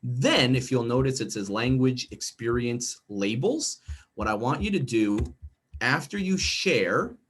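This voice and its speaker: A man's voice: mid-range voice, animated, measured pace, husky. A middle-aged American man leading a teacher training workshop over a video call, chatty and checking in with "okay?" and "right?". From United States. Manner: conversational, frequent check-ins with "okay?" and "right?". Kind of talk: professional development workshop presentation.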